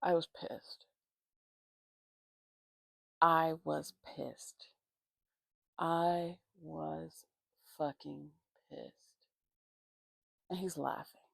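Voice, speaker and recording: A woman's voice: sits low, steady tone, very slow, creaky, pauses often, no echo. A woman telling a casual storytime while getting ready at home, venting in a heated, profane way with constant fillers. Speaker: vlogger.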